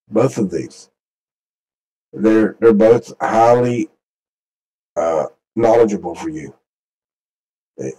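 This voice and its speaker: A channel host with a low, dark male voice rambles folksily through a screen-share, repeating himself as he walks viewers through weather maps. The casual commentary has a rough recording quality.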